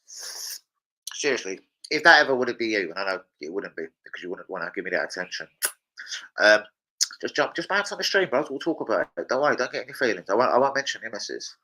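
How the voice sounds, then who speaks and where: A man's voice: fairly low pitch, big pitch swings, fast, bright, forceful tone, low-quality recording. A young man chatting casually on a live stream at home, swearing freely and bantering with viewers. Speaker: livestreamer.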